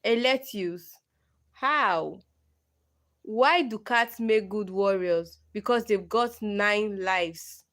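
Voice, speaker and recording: A young woman hosting a casual livestream, slowly reading riddles aloud and answering them herself. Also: mid-range voice, a bit bright. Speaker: livestream host.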